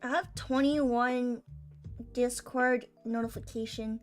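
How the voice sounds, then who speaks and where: A woman's voice: on the high side, fairly even intonation, a little slow, faint music behind. A young woman streamer chatting casually while she draws, rambling with restarts and casual swearing, just over being sick. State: recovering from illness. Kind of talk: casual chat while drawing.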